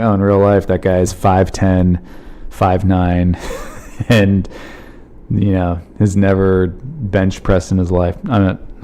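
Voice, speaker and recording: A man's voice: sits low, dark tone. A man in his thirties, a comedian hosting his own podcast, talking alone in a rambling, heartfelt way with lots of fillers. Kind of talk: casual solo podcast monologue.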